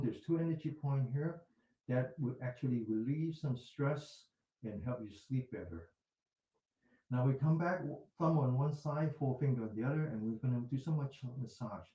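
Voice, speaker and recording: A man calmly talking a group through self-massage, step by step, sometimes whispering softly. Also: medium pitch. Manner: calm step-by-step directions, drops to a soft whisper for repeated words. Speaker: mindfulness instructor. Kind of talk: guided self-massage instruction. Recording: echoey room.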